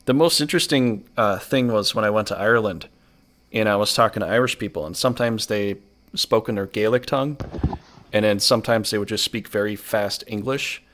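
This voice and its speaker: A man's voice: on the low side, a little fast, fairly bright tone. A man hosting a casual podcast chat, telling rambling stories with many fillers. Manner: rambling, filler-heavy storytelling. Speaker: podcast host.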